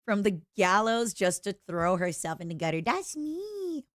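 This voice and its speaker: A woman's voice: on the low side, normal speed, clean tone, no room sound, studio quality. Playful chatty woman streamer. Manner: chatty and playful, animated and self-mocking. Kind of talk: casual livestream chat, reading viewer letters.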